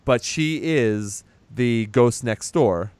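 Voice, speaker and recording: Recapping a movie in casual podcast chat, this male co-host rambles through the plot, voicing the characters' lines and laughing along. He speaks slowly in a mid-range, slightly mellow voice that's clear and resonant, without echo.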